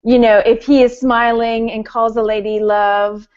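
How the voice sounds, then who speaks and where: American female guest, fairly high voice, chatty, muffled lo-fi sound. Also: little pitch movement, measured pace, a little mellow, smooth. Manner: laughs often, chatty and easygoing. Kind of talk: casual chat. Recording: dull lo-fi audio.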